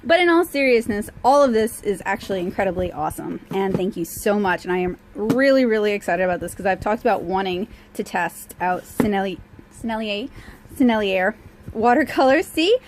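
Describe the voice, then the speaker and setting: A woman from southern Louisiana chatting casually through an unboxing vlog, self-mocking and quick with asides, recorded on a handheld phone. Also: medium pitch, lively intonation, noisy background. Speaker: art vlogger. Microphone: cell phone held in hand.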